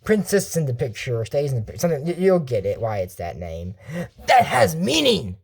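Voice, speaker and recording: A woman rambles through casual commentary on a cartoon episode, wandering off on tangents. She often stops and corrects herself mid-sentence. Her voice sits low but rises and falls in lively swings. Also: a little fast, husky. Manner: rambling, digressive, self-correcting. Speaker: channel host reviewing a cartoon.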